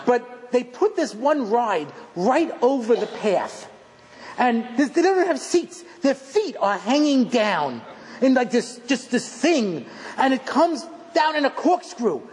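A middle-aged man giving a rabbi's lecture, telling funny stories in an animated, self-mocking way and acting out scenes. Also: very high-pitched, takes it slowly. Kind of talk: humorous storytelling lecture. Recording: long hall reverb, faint background noise.

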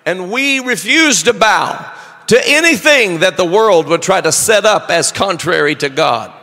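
A man preaching a sermon, slow and deliberate, building up to shouted declarations. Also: sits high, animated, long reverb tail.

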